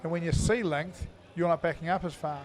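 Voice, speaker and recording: Chatty male cricket commentator, higher voice. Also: steady tone, fairly quick. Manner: chatty, thinks aloud with many fillers. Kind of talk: live indoor cricket commentary.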